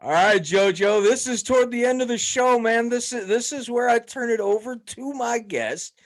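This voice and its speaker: A man's voice: very high voice, normal speed. A man hosting a podcast, laid-back and joking, with a casual profane way of talking. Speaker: podcast host.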